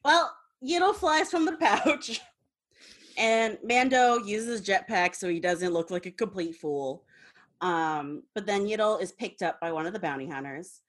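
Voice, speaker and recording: A woman's voice: medium pitch, a little slow. A woman hosting a casual podcast, retelling an episode with lots of laughter. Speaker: podcast host. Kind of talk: casual recap chat.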